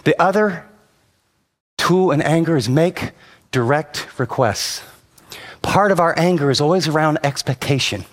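A middle-aged man preaching a sermon, animated, acting out the people he quotes, moving between soft and emphatic delivery. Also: a little high, measured pace, long pauses. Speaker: pastor. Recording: long reverb of a hall.

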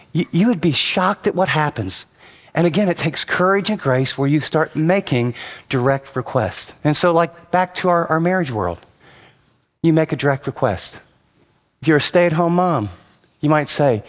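A middle-aged man preaching a sermon, animated, acting out the people he quotes, moving between soft and emphatic delivery. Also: fairly high pitch. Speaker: pastor. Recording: long reverb of a hall.

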